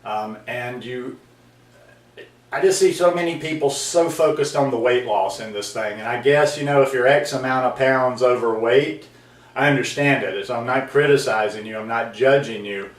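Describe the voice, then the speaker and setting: A man's voice: medium pitch, normal speed, roomy sound, recorded from a distance. A man hosting his own video blog, talking earnestly to camera in a rambling way with many ums and restarts. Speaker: vlog host. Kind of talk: casual talking-to-camera monologue.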